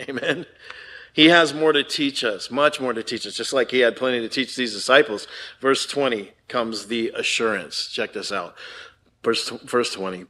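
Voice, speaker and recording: Older man pastor, casual sermon voice, shifts from hushed to emphatic, mid-pitched. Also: moderate pace. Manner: conversational preaching, frequent "right?" and "man".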